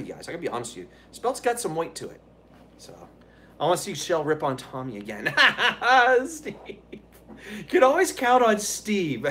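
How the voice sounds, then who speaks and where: Man, slightly high-pitched voice, rambling, profane, laughs often, casual live stream chat. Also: a little hiss or hum.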